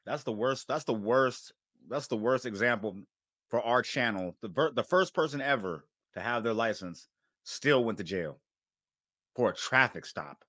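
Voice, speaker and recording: A man's voice: mid-range voice, animated, normal speed, pushed and bright, dry recording, clean studio sound. A man hosting a reaction stream, commenting bluntly and in disbelief in casual slang. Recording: music playing under the voice.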